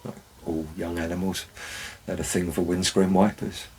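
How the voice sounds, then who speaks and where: A man's voice: low-pitched, flat delivery, normal speed, darkish tone, slight background noise, rough recording. A man, a former forest warden, tells wry anecdotes in a dry, storytelling way. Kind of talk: storytelling narration.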